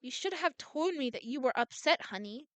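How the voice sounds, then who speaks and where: A woman voicing a possessive, smooth-talking male criminal ex-partner in a visual novel, speaking in a soft, cooing, menacing way. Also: high voice, animated, slow pace, no room sound, pitched above the performer's own voice, heavily acted. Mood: coaxing.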